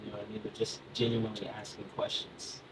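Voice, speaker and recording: Onstage at a comedy club, a man in his thirties runs through a stand-up set, chatty and loose, laughing into his lines and bantering with the crowd. His fairly low voice is monotone and quick. A distant mic picks him up amid the noisy room.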